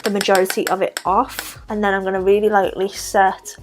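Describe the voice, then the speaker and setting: A young woman with a broad Scouse accent narrates her makeup routine in a casual, chatty way, naming each product and brush as she goes. She drops in little self-deprecating asides. Faint music plays quietly underneath her mid-pitched voice. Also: level tone, fairly quick. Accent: Scouse (Liverpool). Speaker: makeup vlogger.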